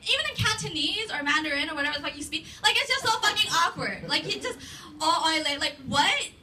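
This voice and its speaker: A woman's voice: very high-pitched, lively intonation, fast, bright, forceful tone. A young woman performing a stand-up comedy set in a club, telling a rambling, profane story full of "like". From Los Angeles area. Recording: distant mic, noisy club.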